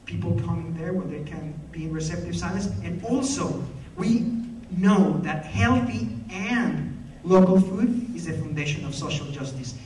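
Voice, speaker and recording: A man's voice: on the high side, a little mellow, a little hiss or hum. Passionate man. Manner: passionate, storytelling. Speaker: conference speaker. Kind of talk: speech at a peace conference. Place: conference hall. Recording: echoey hall, mic from far off.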